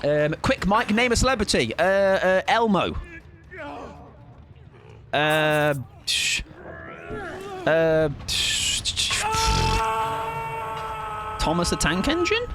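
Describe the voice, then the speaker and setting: A man's voice: high-pitched, sing-song, very slow, pauses often, crowd noise. Swearing, joking man. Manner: joking, swears freely, self-mocking. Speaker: streamer. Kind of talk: casual gaming stream chat.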